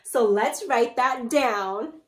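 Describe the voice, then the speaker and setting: A woman teacher reading a story aloud to young students and encouraging them as she goes. Her voice sits fairly high and she speaks at a slow, careful pace. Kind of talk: read-aloud lesson.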